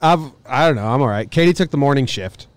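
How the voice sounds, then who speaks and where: A man's voice: mid-range voice, quick pace, no room sound. A young man, co-hosting a podcast in casual chat, laughing often and telling stories with energy. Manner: lively, laughing, animated storytelling. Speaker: podcast co-host.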